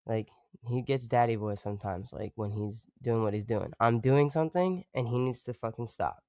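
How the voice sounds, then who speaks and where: A man with a smooth, clean voice at a middling pitch, recorded dry and close with no room sound. He talks casually and rambles on a live stream, swearing freely and stopping now and then to call his dog. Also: normal speed, darkish tone, no echo. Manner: profane, rambling, breaks off to talk to his dog.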